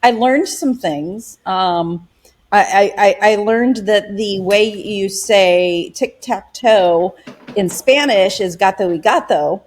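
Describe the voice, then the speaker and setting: A middle-aged woman pastor and author, chatting as an interview guest, telling stories in a lively way with acted-out quotes and frequent laughter. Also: medium pitch, slow. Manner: animated storyteller, acts out quotes, laughs often. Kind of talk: casual interview chat.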